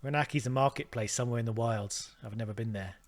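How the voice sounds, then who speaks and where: A man's voice: mid-range voice, quick pace. Chatty man thinking aloud over a game. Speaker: let's play host. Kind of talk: gameplay commentary.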